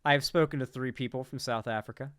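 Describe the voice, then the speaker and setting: A man's voice: medium pitch, fairly even intonation, quick pace, a bit bright, clear, resonant tone, no echo, clean studio sound. A young man giving casual, profane, incredulous reaction commentary on a political clip.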